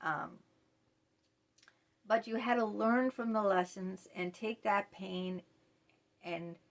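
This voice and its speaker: Female self-help vlogger, mid-pitched, earnest and confessional, addresses the camera directly and repeats herself. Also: steady tone, slow, gravelly. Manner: earnest, repeats phrases, speaks straight to viewers. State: voice tight, choked up.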